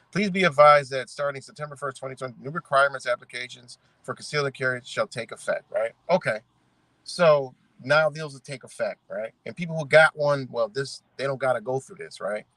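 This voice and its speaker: A vlogger from the Rochester, New York area rants in casual commentary, reading rules aloud and tearing them apart. He swears often and throws in "right?", rhetorical questions, and street slang in a conversational way. His mid-range voice is fairly quick, pushed and bright, with no room sound.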